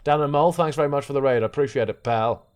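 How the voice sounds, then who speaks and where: A young man chatting on a live stream, joking and laughing a lot while reading out chat and headlines. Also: rapid-fire. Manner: joking, animated, laughs often and swings in pitch.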